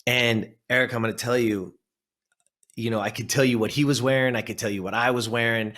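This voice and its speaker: A man's voice: mid-range voice, fairly quick. A man in his fifties from Southern California, a life coach on an interview show, vividly telling a personal story. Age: 50s. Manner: animated storyteller who acts out his memories.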